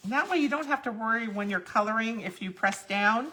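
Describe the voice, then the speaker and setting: A woman's voice: fairly high pitch, lively intonation, fairly quick, bright, forceful tone, slight background noise. A woman hosting a live crafting tutorial, chatting through each step as she works. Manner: chatty, explains each step while working. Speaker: crafting demonstrator.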